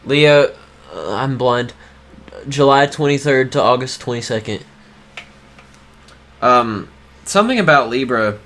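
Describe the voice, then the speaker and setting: A man's voice: medium pitch, animated, unhurried, pauses often, fairly bright tone. A young man co-hosting a podcast in casual chat, laid-back and easily amused. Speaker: podcast co-host.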